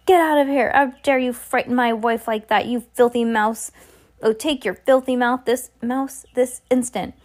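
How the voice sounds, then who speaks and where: A woman's voice: medium pitch, normal speed, a little mellow, natural voice. A woman voicing a blustering, short-tempered middle-aged father in a storybook reading. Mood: indignant. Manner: blustering, indignant.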